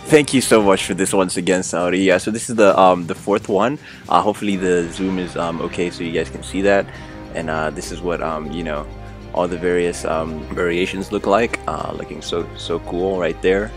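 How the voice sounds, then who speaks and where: A man hosting an excited unboxing vlog, gushing over each item, tacking "man" onto his lines and stammering when thrilled. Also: low-pitched, normal speed, over music. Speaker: unboxing channel host.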